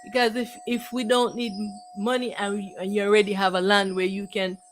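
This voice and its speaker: A woman's voice: medium pitch, little pitch movement, a little fast, soft background music, low-quality recording. A woman giving a repetitive, declamatory spiritual monologue. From Jamaica. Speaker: spiritual teacher.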